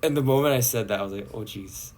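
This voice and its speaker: A man's voice: medium pitch, very fast, a little mellow, a little hiss or hum. A young man from Canada with a Canadian accent, chatting playfully and loosely with viewers on a livestream, drifting from topic to topic. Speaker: idol livestream host. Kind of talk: casual livestream chat with viewers. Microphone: phone livestream.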